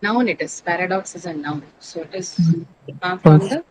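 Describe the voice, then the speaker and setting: A woman's voice: on the low side, normal speed, background noise. A woman teaching an English class, explaining word stress step by step, spelling out letters and asking her students questions.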